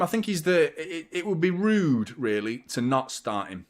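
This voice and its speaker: A man's voice: on the high side, sing-song, normal speed, few pauses. A young adult man, hosting a live football watchalong, chatting casually, reacting to play and thanking viewers by name. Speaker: fan channel host.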